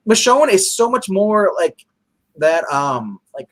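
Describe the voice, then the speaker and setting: Rambling excitable man chatting about comics. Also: high voice, takes it slowly. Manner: excitable, rambling, full of restarts. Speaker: comic review co-host. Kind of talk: casual chat.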